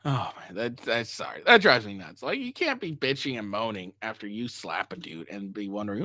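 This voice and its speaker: A man's voice: fairly low pitch, very animated, a little fast, few pauses, pushed and bright, no room sound, studio quality. A man hosting a reaction commentary, ranting angrily with heavy profanity. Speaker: commentary host.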